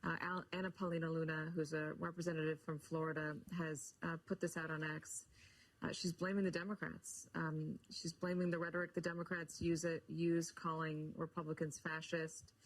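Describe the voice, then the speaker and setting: A woman interviewing a guest on a news broadcast, asking her question in a measured, hesitant way. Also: deep voice, little pitch movement, slight background noise, low-quality recording.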